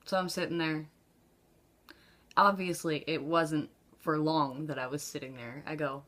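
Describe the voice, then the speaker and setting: A woman tells a story to the camera in a relaxed, chatty vlog style, her voice sitting a little low. She laughs often and leaps up in pitch whenever she acts out the people in her story. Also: moderate pace. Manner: acts out quoted dialogue with pitch jumps. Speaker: vlogger. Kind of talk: casual storytelling.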